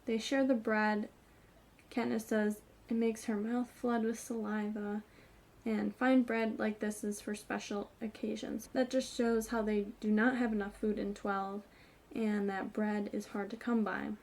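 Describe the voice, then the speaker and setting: A woman's voice: medium pitch, level tone, a little slow, darkish tone. A woman hosting her own book channel, chatting casually through a chapter recap and hedging often with "kind of" and "like".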